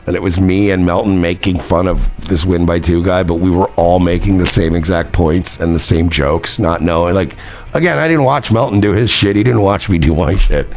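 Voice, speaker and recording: A man's voice: low voice, moderate pace, a little mellow. A man streamer delivering heated, profane, repetitive commentary, ranting and reacting to clips. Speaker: streamer host.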